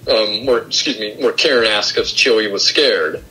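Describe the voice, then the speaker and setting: Bright-voiced man recapping a film. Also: lowish voice, normal speed, faint music behind, low-quality recording. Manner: retells film plot step by step, acting out quotes. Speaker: podcast host. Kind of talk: casual film review chat.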